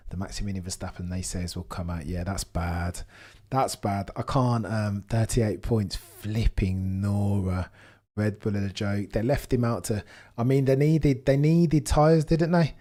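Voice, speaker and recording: A young man hosting a live race watchalong, commentating casually and reacting with excitement. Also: on the low side, unhurried. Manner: excitable, exclaims and gasps at on-track action.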